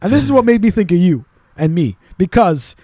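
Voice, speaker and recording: Animated man telling funny stories. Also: high-pitched, no echo, studio quality. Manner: animated, laughs at own stories, does quick voices of people he quotes. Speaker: podcast co-host. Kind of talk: casual storytelling chat.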